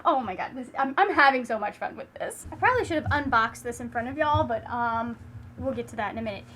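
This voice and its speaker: A woman's voice: on the high side, expressive, fast, a bit bright. A woman reviewing books in a casual vlog, gushing and chatty with lots of "like" and restarts. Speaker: book reviewer.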